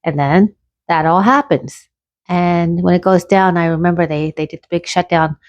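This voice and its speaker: A woman's voice: fairly low pitch, normal speed, no echo, lo-fi sound. Chatty woman telling a personal story. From Canada. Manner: chatty, rambling with restarts.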